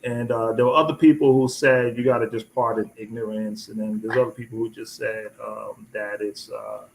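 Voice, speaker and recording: A man hosting a casual live chat, telling a rambling story with many restarts and repeated words, lively when he quotes people. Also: lowish voice, moderate pace, creaky, a little hiss or hum, poor audio. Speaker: host.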